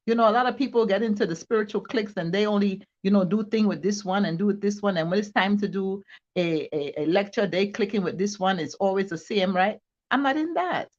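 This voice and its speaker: Woman, talk show guest, playful, rambling, laughs a lot, muffled video call sound. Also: medium pitch. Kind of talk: casual interview conversation. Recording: dull lo-fi video call audio.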